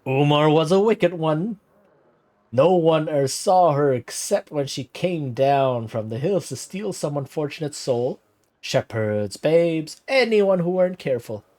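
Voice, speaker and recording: A man's voice: medium pitch, normal speed, darkish tone, close to an everyday voice. A man voicing a boastful old male villager telling a witch tale, with theatrical, shifting put-on accents.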